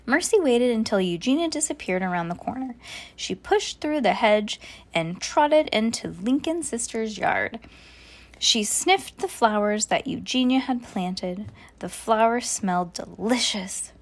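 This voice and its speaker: A mother reading a children's book aloud to her daughter, animated and affectionate, breaking off for chatty asides. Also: on the high side, a little slow.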